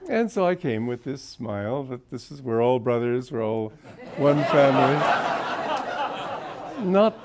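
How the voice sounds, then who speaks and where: A man in his seventies with a sore throat, giving an informal spiritual talk as a teacher and telling anecdotes as a genial storyteller. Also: mid-range voice. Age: 70s. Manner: genial storyteller, often chuckling.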